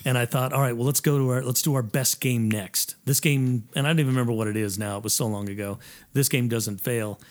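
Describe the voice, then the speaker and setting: A middle-aged man with a voice of ordinary pitch spins stories from his years in improv comedy. He acts out the people in his tales and breaks into laughs as he goes, in the easy back-and-forth of a casual chat. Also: fast talker. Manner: animated storyteller who acts out what people said and laughs between lines. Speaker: improv comedy troupe performer and guest. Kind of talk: casual podcast chat, storytelling.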